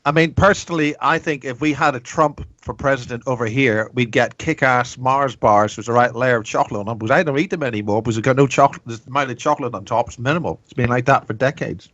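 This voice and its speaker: A man's voice: medium pitch, quick pace, hardly any pauses, a bit bright, no echo, muffled recording. A man who is a guest on a radio show, bantering with sarcasm and teasing the host. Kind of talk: casual radio chat.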